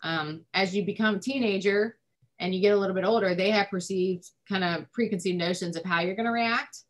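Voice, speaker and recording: A woman family therapist explains parenting in a casual, informal way, her medium-pitched voice moving a little fast. She fills her speech with lots of "um" and "like."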